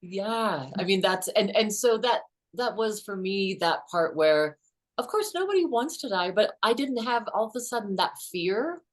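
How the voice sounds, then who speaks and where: A middle-aged woman author, a guest in an interview, telling personal stories in an animated way and acting out the quotes. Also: medium pitch, normal speed. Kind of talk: conversational interview storytelling.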